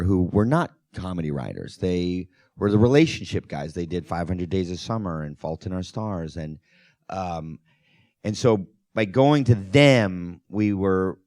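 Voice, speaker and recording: A man, a film director, telling anecdotes in an animated, laughing way as a guest at a Q&A. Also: deep voice, no echo, clean studio sound. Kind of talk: anecdotal storytelling at a Q&A.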